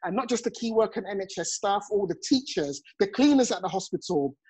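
A man's voice: high voice, expressive, a little fast, a little mellow, husky, poor audio. A man in his forties hosting a motivational live chat over a phone, effusive and chuckling often. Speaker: host and network marketing coach.

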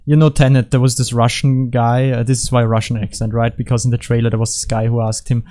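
A man's voice: medium pitch, level tone, fast, few pauses, dark tone. A young man giving rambling, jokey commentary on custom game maps, often correcting himself mid-sentence. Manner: rambling, jokey, self-correcting, puts on silly voices. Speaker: gaming YouTuber. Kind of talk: casual gameplay commentary.

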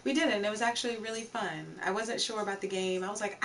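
A woman's voice: mid-range voice, fairly even intonation, quick pace, a bit bright. A young woman chatting casually on a live stream, greeting viewers from chat as she talks. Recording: slightly distant mic, faint background noise.

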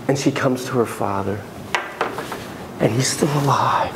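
A man's voice: high-pitched, normal speed, noisy background. A man lecturing a class on psychotherapy, telling a story theatrically with gasps, laughs and sudden drops to a whisper.

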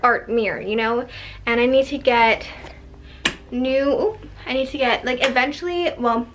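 A young woman in her twenties, rambling chattily with lots of "like" as she shows off her bedroom makeover in a casual home vlog. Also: on the high side. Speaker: vlogger.

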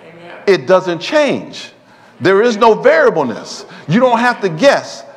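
Male preacher, fairly high and very lively pitch, calling for amens, long church reverb. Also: measured pace. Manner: call-and-response preaching, often asking the congregation for an amen. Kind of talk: sermon. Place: church sanctuary.

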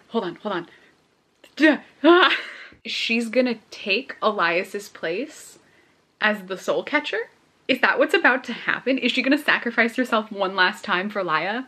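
A woman's voice: mid-range voice, lively intonation, normal speed, pushed and bright, breathy edge. A young woman vlogging her reactions to a book, gushing and emotional and laughing often. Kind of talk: casual reading reaction vlog.

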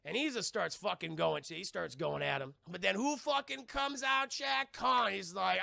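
A young man streaming a casual, excitable movie recap to his live chat, swearing often and calling out to the chat as he goes. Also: sits high, moderate pace, gravelly, few pauses, no echo, studio quality.

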